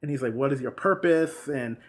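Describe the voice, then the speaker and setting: A man in casual chat retelling a film's plot, acting out the characters' lines in quick, lively bursts. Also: medium pitch. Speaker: film recapper.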